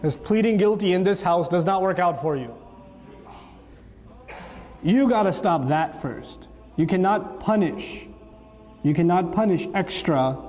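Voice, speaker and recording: A man giving a humorous parenting talk, acting out dialogues between parents and children. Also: sits high. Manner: animated, acts out quoted dialogue. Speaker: parenting speaker. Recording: long reverb, faint music.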